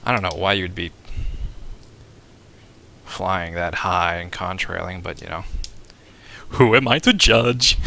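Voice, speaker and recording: A man's voice: low voice, slow, vocal fry, pauses often, pushed and bright. A man live-streaming a flight sim, talking to chat and coaching himself as he plays. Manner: talks to chat, self-coaching, laughs often. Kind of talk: casual live-stream commentary.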